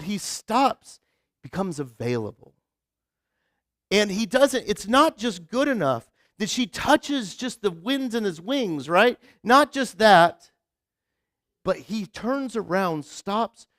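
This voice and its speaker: A man pastor preaching a conversational sermon, casual and animated, full of filler words and joking with the congregation. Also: high voice, no room sound, studio quality. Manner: casual, animated, heavy use of "like" and restarts; jokes with the congregation. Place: church sanctuary.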